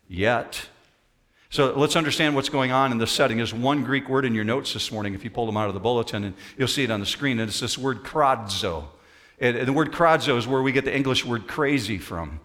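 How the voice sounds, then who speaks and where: A man preaching a sermon as pastor, emphatic and dramatic, stretching out key phrases slowly. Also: mid-range voice, a bit bright. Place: church sanctuary. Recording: long hall reverb.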